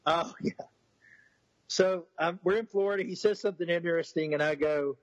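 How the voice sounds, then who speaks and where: A man's voice: a little high, little pitch movement, normal speed, no room sound, dull audio. A man telling a personal story in a rambling, casual way, with many restarts, acting out what others said.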